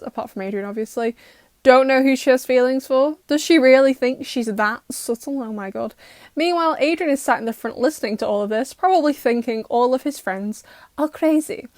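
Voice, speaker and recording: Young woman, higher voice, dry close sound; sarcastic recap host roasting an episode. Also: darkish tone, no echo. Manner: sarcastic, exasperated roasting with mock quotes. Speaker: YouTuber reacting to a cartoon.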